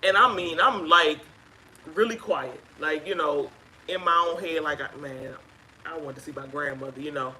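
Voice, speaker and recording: A woman sharing her own experience as a guest on a live chat, telling it in an emphatic, animated way. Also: low-pitched, moderate pace, a little hiss or hum, low-quality recording. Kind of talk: casual live-stream chat.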